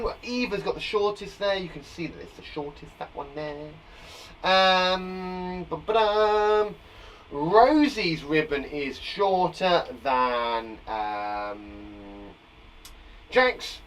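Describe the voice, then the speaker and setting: A man's voice: fairly high pitch, fairly bright tone, far from the mic, slight background noise, poor audio. A man teaching a live online lesson to young children, upbeat and playful, from a small garden shed. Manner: upbeat, playful, exaggerated sound effects. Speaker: primary school teacher.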